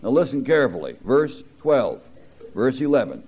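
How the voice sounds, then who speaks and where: A man preaching a sermon, reading scripture aloud with teacherly asides and building to emphatic, animated peaks. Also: a little high, moderate pace. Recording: dull lo-fi recording.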